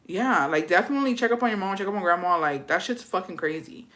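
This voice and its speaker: A woman reads viewer gossip in a casual, chatty style, with a bright, sharp tone. She reacts loudly and profanely and slips in Spanish words now and then. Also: fairly low pitch, quick pace. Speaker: host reading viewer stories.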